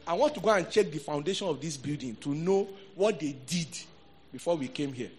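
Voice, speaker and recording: A Nigerian man preaching a sermon as a pastor, talking in a lively, conversational way with Pidgin asides. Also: fairly high pitch, brisk, husky.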